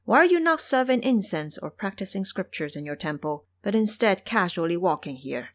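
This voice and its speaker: A woman's voice: mid-range voice, very animated, moderate pace, dry recording, natural voice. A woman playing a whimpering old Taoist, a demon in disguise. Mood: pleading. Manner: pleading, whimpering.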